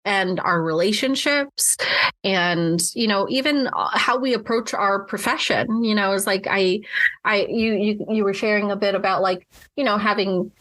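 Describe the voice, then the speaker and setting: A woman's voice: medium pitch, moderate pace, fairly bright tone, dry recording. A woman co-hosting a podcast as a mental health clinician, talking through experiences reflectively with many restarts. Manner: reflective, with frequent restarts and fillers. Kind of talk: casual podcast chat.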